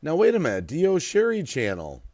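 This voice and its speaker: A middle-aged man hosts a late-night live stream, telling stories, laughing often and greeting viewers in the chat. His voice is on the high side and a little fast, captured dry with studio quality.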